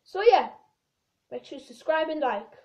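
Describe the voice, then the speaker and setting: High-voiced rambling woman vlogger. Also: lively intonation, normal speed, darkish tone. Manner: rambling, many fillers and restarts. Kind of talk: casual comedy vlog.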